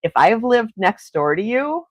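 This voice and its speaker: A woman's voice: a little high, sing-song, a little slow, no echo. A middle-aged woman hosting a casual morning livestream chat, gushing and laughing often as she reads viewer comments. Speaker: livestream host.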